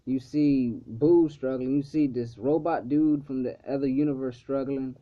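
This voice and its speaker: A man's voice: medium pitch, fairly even intonation, moderate pace. Rambling man recapping an episode. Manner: rambling, full of "like" and "um", swears freely. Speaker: episode reviewer. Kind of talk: casual recap of a cartoon episode. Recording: slightly dull lo-fi recording.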